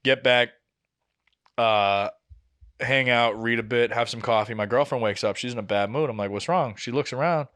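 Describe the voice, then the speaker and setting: A young man in his twenties telling a long story on a casual podcast, profane and animated, acting out what people said. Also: medium pitch, normal speed. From New England. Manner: animated, profane, acts out quotes. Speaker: podcast co-host.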